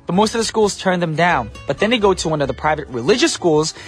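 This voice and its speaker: A man's voice: on the high side, lively intonation, fast talker, faint music behind. A young man hosting a morning radio show in a studio, chatty and joking as he talks to listeners.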